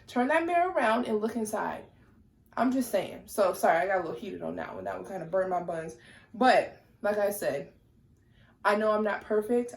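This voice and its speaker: A woman's voice: mid-range voice, a little mellow, roomy sound. A young woman chatting casually to her viewers while doing her makeup, sassy and candid, getting heated at times. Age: young adult. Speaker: lifestyle vlogger.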